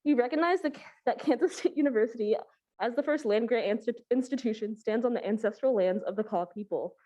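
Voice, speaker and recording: A woman's voice: on the high side, dark tone, muffled recording. Young woman chairing a student senate. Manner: reads prepared statements, then runs the agenda briskly. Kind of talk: presiding over a formal meeting.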